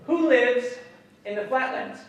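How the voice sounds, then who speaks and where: Animated male lecturer in an echoey hall. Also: very high voice, measured pace. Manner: animated, questions the audience, swears casually. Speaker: guest speaker, educator. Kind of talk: public lecture. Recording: echoey hall, mic some distance off.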